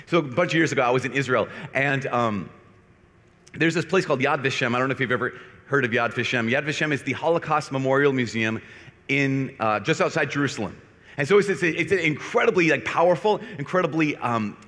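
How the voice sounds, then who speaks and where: A man, a Catholic priest, gives a homily to a youth conference, telling a story in an animated, self-deprecating way. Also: mid-range voice. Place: large conference hall. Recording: echoey hall reverb.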